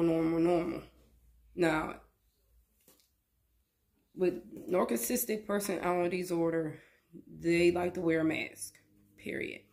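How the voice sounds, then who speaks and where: A woman's voice: fairly low pitch, vocal fry. A woman giving a casual, emphatic reaction commentary to her viewers, often repeating words for stress. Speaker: reaction vlogger.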